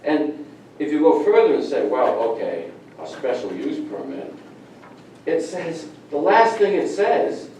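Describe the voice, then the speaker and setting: A middle-aged man at a town meeting, angry and emphatic, returning to the same points again and again. His voice is mellow and dark in tone. He sounds far from the mic in a very echoey room. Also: fairly high pitch, big pitch swings, measured pace, slight background noise. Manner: angry, emphatic, repeats himself. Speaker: resident speaking at public comment. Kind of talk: public comment at a town meeting.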